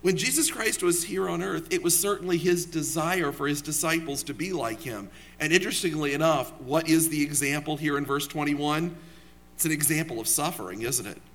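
A man's voice: fairly high pitch, brisk, fairly bright tone. A young man preaching a sermon in a church, talking conversationally, asking the congregation questions and telling personal stories.

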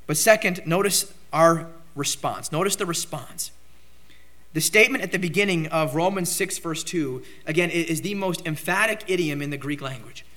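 Brief: male pastor with a bright, high voice, preaching emphatically. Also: moderate pace. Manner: emphatic preaching, rising to loud outbursts on key phrases. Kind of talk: sermon.

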